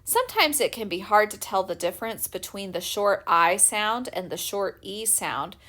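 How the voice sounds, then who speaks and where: A woman teacher giving a recorded spelling lesson for young children, patiently and clearly sounding out letters. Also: medium pitch, very animated, normal speed, bright, forceful tone. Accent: American.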